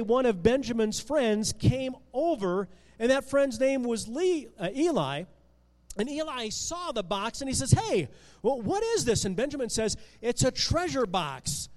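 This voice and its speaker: A man telling a Bible story to children in a chatty, animated way, often restarting words, in a room with long reverb. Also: extremely high pitch. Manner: animated, conversational, with repeated restarts.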